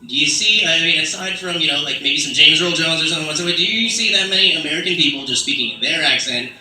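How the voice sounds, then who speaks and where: Man, stand-up comedy, rambling with fillers, very bright tone, distant mic in an echoey room, faint ambience. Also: fairly high pitch, fast talker. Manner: rambling, many fillers, slips into put-on British accents.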